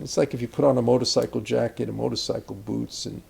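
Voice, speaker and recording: A man's voice: mid-range voice, fairly even intonation, quick pace, creaky, darkish tone, slightly rough. An older man, an acting teacher, speaking reflectively about character in a conversational interview, rambling with asides and restarts.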